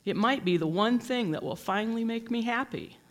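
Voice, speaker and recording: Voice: expressive, normal speed, natural voice. A storybook reader voicing a greedy, powerful king who demands and cries out in a raised, strained voice. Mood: demanding. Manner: loud, high, strained outbursts.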